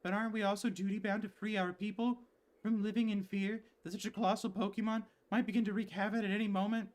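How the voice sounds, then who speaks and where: A man's voice: high voice, flat delivery, fast talker, pitched above the performer's own voice, natural voice. A man voicing a proud, muscular male clan warden in a put-on accented voice. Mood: earnest.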